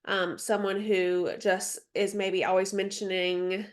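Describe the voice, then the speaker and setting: This woman speaks slowly at medium pitch with little pitch movement, her nose stuffy. In a relaxed training session on a video call, she mentors a sales team and reads through slides, chatting with many ums and asides.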